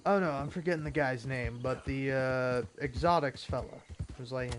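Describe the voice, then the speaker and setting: A man's voice: medium pitch, fairly even intonation, fairly quick. Man, gameplay commentary, swears a lot, exasperated rants, game noise underneath. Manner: profane, exasperated rants with mock voices and laughter. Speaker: gaming commentator.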